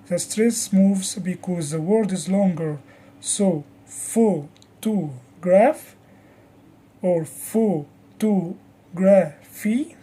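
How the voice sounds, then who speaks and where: A woman leads a scripted pronunciation lesson at an unhurried pace, drawing out each example word with deliberate care. Her voice is dark and slightly husky. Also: lowish voice. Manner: slow, careful, exaggerated articulation of example words. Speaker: English pronunciation teacher.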